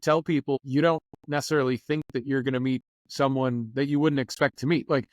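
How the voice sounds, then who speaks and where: Man, news anchor, podcast guest, lively storyteller, dry close sound. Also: medium pitch, a little fast, no room sound, highs cut off. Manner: lively anecdotes, acts out quoted people. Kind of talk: casual interview storytelling. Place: lives in Florida.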